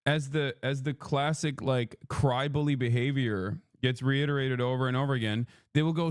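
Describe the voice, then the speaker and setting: A man's voice: medium pitch, fairly even intonation, normal speed, few pauses, clean tone, dry recording, clean studio sound. A man livestreaming a heated, profane rant. He keeps mocking his critics with sarcastic impressions. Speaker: political livestreamer. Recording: played clip inside a reaction stream.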